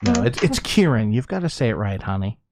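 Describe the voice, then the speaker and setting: Lively self-mocking man co-hosting. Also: brisk. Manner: self-mocking, excitable, lively swings in pitch. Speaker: co-host. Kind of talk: casual chat on a craft livestream.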